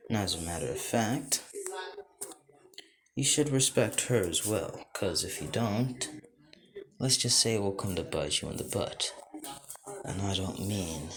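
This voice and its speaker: A man's voice: low voice, unhurried, long pauses, background noise. A man doing a smug, menacing teen boy. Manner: calm, mocking, quietly menacing. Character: cold, smug, overpowered teen boy hero.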